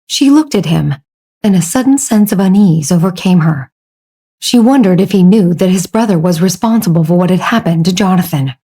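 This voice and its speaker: Mellow, breathy woman narrating an audiobook. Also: fairly low pitch, lively intonation, normal speed. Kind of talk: scripted narration.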